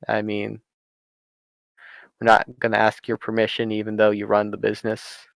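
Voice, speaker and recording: A man narrating as game master in a tabletop game over voice chat, halting and full of fillers. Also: on the low side, completely flat delivery, vocal fry, smooth, no echo. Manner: halting, many fillers and restarts.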